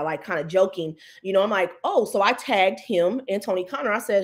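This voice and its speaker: A woman, a local official, chatting as a guest on a talk show, telling a story with mocking indignation and jumping higher when she quotes people. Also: fairly quick, few pauses. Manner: animated storytelling, jumps higher when quoting others. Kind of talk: casual talk-show chat.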